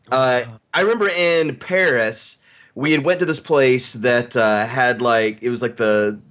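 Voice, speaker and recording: A man's voice: medium pitch, unhurried, fairly bright tone. Laid-back man hosting a podcast. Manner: laid-back, chuckles, trails off. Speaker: podcast host. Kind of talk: casual chat.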